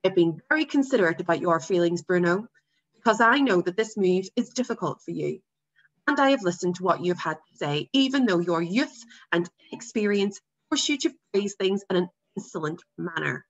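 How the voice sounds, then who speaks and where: A cold, measured father figure from a storybook, quiet but firm and used to having his way, as a woman reader puts him on. The voice has a gravelly edge, and the recording sounds dull and lo-fi. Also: fairly low pitch, lively intonation. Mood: stern. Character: stern quiet German commandant father, middle-aged.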